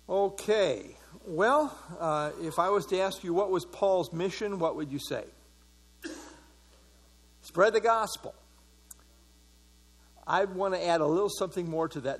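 Male pastor, slightly high pitch, conversational Bible study teacher who quizzes his audience. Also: measured pace, long pauses, breathy edge. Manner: conversational, asks the audience questions, many fillers.

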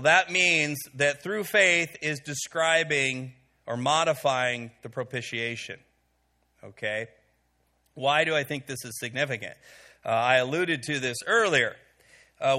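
A man's voice: on the high side, pushed and bright. A man teaching a Bible study to a live group, talking in a conversational way with many "okay"s and fillers and asking the room questions. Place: before a live audience in a room.

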